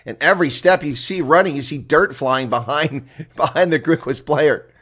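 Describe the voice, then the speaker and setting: A man doing live solo rugby play-by-play and reaction commentary, excitable and exclaiming, chatting to viewers between plays. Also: on the high side, moderate pace.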